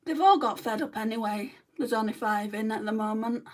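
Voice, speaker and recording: A woman's voice: on the high side, a little fast, darkish tone, distant mic. Lancashire woman doing her makeup live, blunt chatty replies to comments, a bit off mic. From North West England. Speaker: makeup livestreamer. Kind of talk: casual chat while doing makeup.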